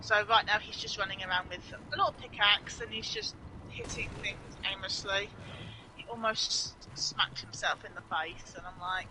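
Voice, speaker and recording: A young woman chatting as a guest on a stream, telling a story in an animated, giggly way and acting out what people said. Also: mid-range voice, normal speed, background noise. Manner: animated, giggly, acts out quoted dialogue. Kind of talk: casual storytelling chat.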